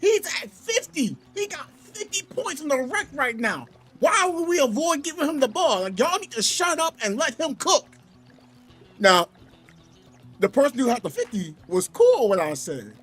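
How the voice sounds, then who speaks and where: A man streaming from home, telling a gaming story in an animated, exasperated way. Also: extremely high pitch, normal speed, faint music behind. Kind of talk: casual livestream rant.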